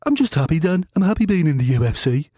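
A man's voice: fairly high pitch, big pitch swings, fast talker, mellow, no room sound, studio quality, pitched below the performer's own voice. A man putting on a modest young fighter's voice, mild and mumbled. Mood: bland modesty. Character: easygoing young male fighter, modest and unambitious.

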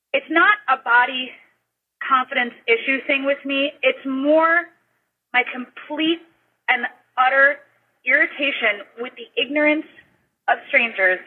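A woman's voice: on the high side, husky. A woman from Cleveland, Ohio, calling into a show from her car, venting in an upset, flustered rant. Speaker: caller. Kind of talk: voicemail call-in. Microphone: phone. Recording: tinny phone line.

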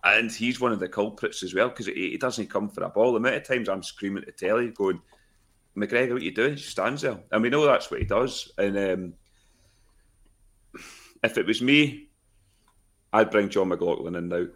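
A man giving frank, animated opinions in a casual football podcast chat. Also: fairly low pitch, normal speed. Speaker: podcast co-host.

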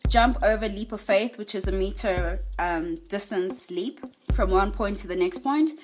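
A woman's voice: mid-range voice, moderate pace, over music. A woman archaeologist on a video call from a cave, describing a route step by step. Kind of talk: interview. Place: underground cave.

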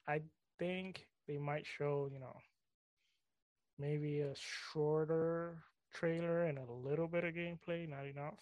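A man on a podcast, speaking in a slightly high voice with a dry, close sound. He muses aloud, pausing and restarting as he works through his thoughts in a relaxed chat. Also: creaky, dry recording. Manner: hesitant, thinking aloud with restarts. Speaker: podcast co-host. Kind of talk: casual gaming chat.

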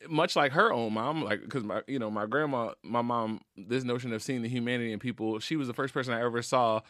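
A man's voice: mid-range voice, fairly quick, a bit bright, no room sound. A man as a podcast guest, talking earnestly and emotionally in casual slang, close to tears. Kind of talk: heartfelt casual conversation. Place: recording studio.

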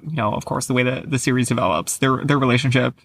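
A young man hosting a casual book podcast, chatty and quick with lots of fillers. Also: medium pitch, fairly bright tone, no echo. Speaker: podcast host.

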